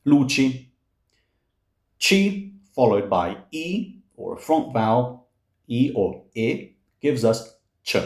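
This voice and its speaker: A man teaching Italian diction to singers, explaining words slowly and patiently, repeating each one as a model and often murmuring "mm". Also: mid-range voice, expressive, a little mellow, echoey room. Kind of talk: relaxed explanatory lesson.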